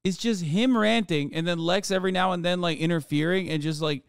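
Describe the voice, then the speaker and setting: A man's voice: sits high, a little fast, smooth, dry recording, studio quality. A man hosting a stream, reacting to a podcast in casual, profane, exasperated chat.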